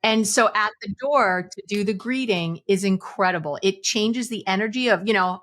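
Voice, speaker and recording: Woman psychologist, podcast guest; animated advice-giver who voices quoted lines. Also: mid-range voice, moderate pace, hardly any pauses. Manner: animated, acts out quoted lines, laughs often. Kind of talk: podcast conversation, giving advice.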